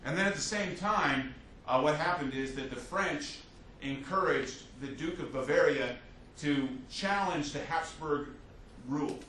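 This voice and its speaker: A man teaching a history class as a lecturer, telling the story with lively restarts and fillers. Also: fairly high pitch, measured pace. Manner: animated storytelling with many restarts. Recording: echoey classroom from a distance, faint hiss.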